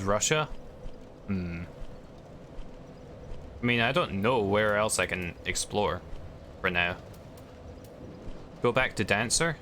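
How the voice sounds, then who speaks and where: Scottish guy streaming a game, bright forceful voice, rambly and chatty, bit of noise behind. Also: lowish voice. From Scotland. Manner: chatty, rambling, hedging, answers chat. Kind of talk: casual chat while gaming.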